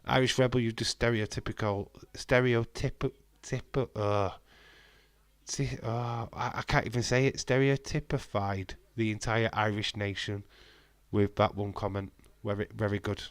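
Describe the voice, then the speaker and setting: Low-voiced man bantering on a stream. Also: fairly even intonation, unhurried, dry recording. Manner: joking banter reading out chat. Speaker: live stream host. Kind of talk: casual live-stream chat.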